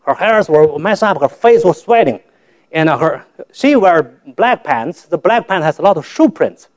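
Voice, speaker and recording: Male guest speaker, higher register, halting broken-English church testimony. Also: sing-song. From China. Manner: halting, repeats and restarts words, simple broken English.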